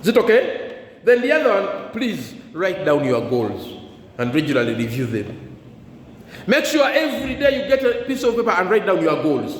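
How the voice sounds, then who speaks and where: In an echoey hall with faint ambience and slight background noise, a high-voiced man gives career guidance to school students. He's very animated and speaks at a normal speed, using call-and-response by leaving blanks in his sentences for the class to fill in.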